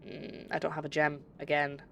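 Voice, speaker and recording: A woman's voice: deep voice, monotone, moderate pace, vocal fry, a bit bright, dull audio, a little hiss or hum. A young woman from Scotland with a light Scottish accent, chatting casually and rambling as she streams a game and reads chat. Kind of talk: casual gameplay commentary.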